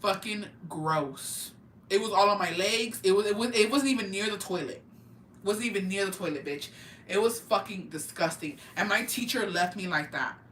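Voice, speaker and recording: A young woman telling a story in an animated, profane, slang-filled way for a vlog, in an echoey room. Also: medium pitch, moderate pace, a little hiss or hum. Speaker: vlogger. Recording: echoey room, mic at a distance, faint ambience.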